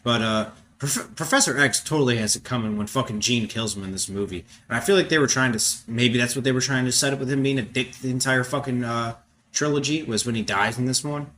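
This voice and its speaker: A young man talks through a movie in loose, offhand commentary. His voice sits at an ordinary middle pitch, and his speech rambles with frequent fillers and casual swearing. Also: fairly quick, sharp tone, a little hiss or hum. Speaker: podcast host reacting to a film.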